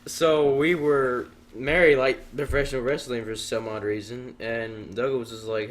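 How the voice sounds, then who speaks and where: A man's voice: medium pitch, fairly even intonation, moderate pace, hardly any pauses. A young man telling an absurd made-up story in a casual comedy chat, rambling and giggling as he goes. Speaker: co-host.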